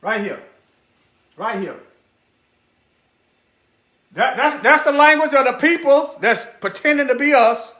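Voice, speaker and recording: Guy with a really high voice preaching at his viewers over a screen share, says stuff twice, mumbles to himself while he looks, echoey room. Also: lively intonation, takes it slowly, pauses often, pushed and bright. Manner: repeats phrases for emphasis, talks directly to viewers; muttering asides while searching on screen.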